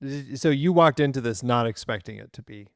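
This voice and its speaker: A man co-hosting a film podcast in relaxed, amused casual chat. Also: medium pitch, brisk, no room sound, studio quality. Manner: relaxed, amused, with filler words. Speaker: podcast co-host.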